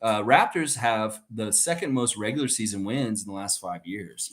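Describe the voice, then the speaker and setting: A middle-aged man hosts a casual live stream at an ordinary mid-level pitch. His voice swings widely as he tells stories animatedly, laughs often and reads out viewer comments. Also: brisk, hardly any pauses. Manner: rambling, animated storytelling with frequent laughs.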